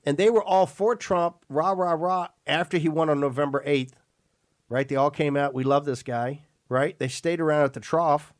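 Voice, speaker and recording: A man's voice: a little high, normal speed, dry recording, clean studio sound. A man hosting a political talk radio show, emphatic and rambling, often repeating and restarting words.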